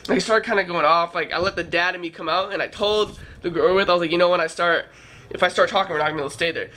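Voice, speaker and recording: Bright, high-voiced young man vlogging. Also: rapid-fire. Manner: animated, swearing, reenacts heated arguments. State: tired. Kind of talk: casual storytime vlog.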